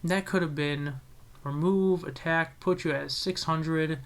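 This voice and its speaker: Excitable young man narrating his game. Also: on the high side, slow pace. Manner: excitable, self-critical, chatty with frequent restarts. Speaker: channel host commentating his own card game. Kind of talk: casual play-by-play commentary.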